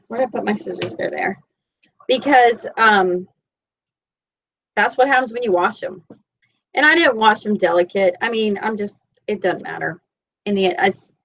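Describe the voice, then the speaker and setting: A woman's voice: mid-range voice, a bit bright, highs cut off. A woman with a Southern Florida accent, teaching a live-streamed sewing tutorial from home in a chatty, rambling, self-deprecating way. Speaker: sewing instructor. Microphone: computer mic.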